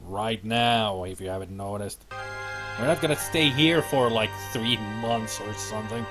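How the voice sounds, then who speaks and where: A man's voice: on the low side, unhurried. A man live-streaming a computer game, sarcastically talking back to the characters. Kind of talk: gaming commentary. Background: game music.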